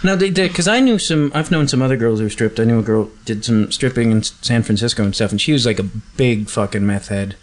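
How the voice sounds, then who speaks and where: A man's voice: medium pitch, quick pace, few pauses. A man hosting a casual interview podcast, asking curious questions and rambling between them. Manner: curious, rambling, laughs easily. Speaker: podcast host.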